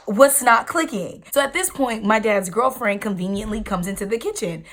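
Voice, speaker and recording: A young woman tells a personal story for her vlog, with emphatic, slangy delivery. Her voice sits at an ordinary middle pitch, and she keeps the story moving with casual asides to her viewers. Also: lively intonation, moderate pace, a bit bright, a little hiss or hum. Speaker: vlogger.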